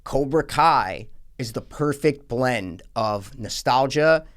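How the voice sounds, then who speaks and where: A man co-hosting a casual movie review podcast, sarcastic and animated, swearing freely. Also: mid-range voice, slow. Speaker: podcast co-host.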